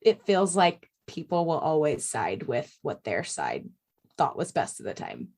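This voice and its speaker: Woman on a podcast, lowish voice, laid back and laughy, trying to calm things down. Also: unhurried. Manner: reflective, laughs easily, conciliatory. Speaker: podcast co-host. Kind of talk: political discussion.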